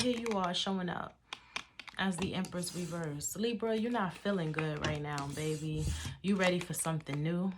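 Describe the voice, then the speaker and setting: A woman's voice: lowish voice, background noise. A woman giving a casual tarot reading, slangy and profane, calling the listener baby and drawing out sign names. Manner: drawn-out, chanting sign names. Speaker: tarot reader.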